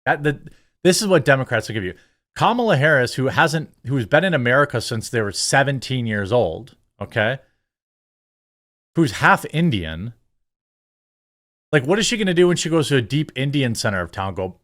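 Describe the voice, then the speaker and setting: A middle-aged man rants through political commentary, indignant and sarcastic. His pitch swings widely as he hammers his points home. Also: very animated, normal speed, pauses often, fairly bright tone. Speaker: commentary channel host.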